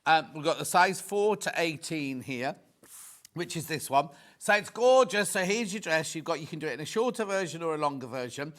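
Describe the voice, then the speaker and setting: A man's voice: fairly high pitch, lively intonation, a little fast, a bit bright. Chatty older man hosting. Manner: chatty, jokey, grumbling asides. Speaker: shopping channel host. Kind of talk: live shopping show chat.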